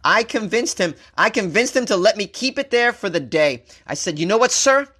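A man's voice: moderate pace, slightly rough. A man hosting a comedy talk show, telling a story casually, cracking jokes and laughing at his own lines. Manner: wisecracking, laughs at his own jokes, animated shifts in pitch. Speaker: comedian podcast host.

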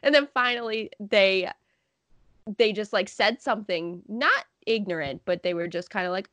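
A woman's voice: mid-range voice, normal speed, dry recording. A woman co-hosting a podcast, telling stories in casual chat and acting out what other people said, laughing often. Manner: animated storytelling, acts out other people's lines. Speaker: podcast co-host.

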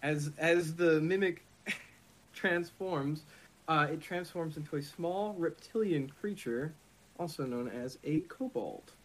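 A man's voice: fairly high pitch, slow, low-quality recording. Hesitant man describing a game character. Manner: hesitant, many fillers. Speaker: player.

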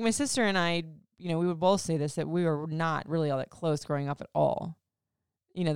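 A woman's voice: deep voice, vocal fry, clear, resonant tone, no room sound, studio quality. A woman in her thirties hosting a podcast, chatting emotionally about her family with lots of "like" and "you know". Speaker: podcast host. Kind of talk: casual personal storytelling.

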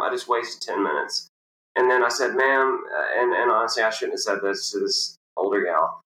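A young man, a professional golfer, telling a story in a casual interview and acting out the people in it. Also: normal speed. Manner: animated storyteller, jumps high to act out quoted people. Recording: roomy echo.

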